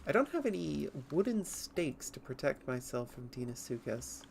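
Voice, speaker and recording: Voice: medium pitch, big pitch swings, normal speed, gravelly, slight background noise. A streamer chatting nerdily through a livestream of a game, rambling with giggles at a home setup. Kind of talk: livestream gameplay commentary.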